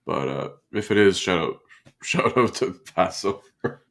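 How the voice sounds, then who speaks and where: Tired, gravelly joking podcast host man. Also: sits low, lively intonation, a little slow, fairly bright tone. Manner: joking, laughs often. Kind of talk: casual chat.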